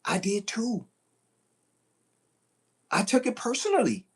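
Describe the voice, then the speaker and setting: A man, a recruiter, talking live to viewers in a preachy, animated way, repeating phrases for emphasis. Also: high voice, takes it slowly, breathy edge. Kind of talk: live stream talk to viewers.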